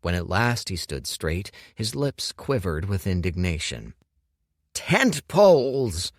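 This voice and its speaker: A man narrating an audiobook with measured, expressive storytelling on a close studio mic. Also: low-pitched, no echo. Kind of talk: scripted narration.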